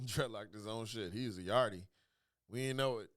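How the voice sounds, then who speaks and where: A man's voice: on the low side, normal speed. A man co-hosting a casual podcast, riffing comedically with profanity, frequent laughter and acted-out quotes. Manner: animated, profane, laughs often, acts out quotes. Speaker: podcast co-host.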